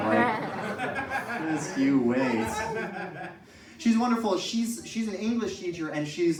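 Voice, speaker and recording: A man's voice: high voice, big pitch swings, normal speed, a crowd in the background. A young man performing a stand-up set, telling stories animatedly with exaggerated impressions of his professors. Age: young adult. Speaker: stand-up comedian. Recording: echoey room, from far off.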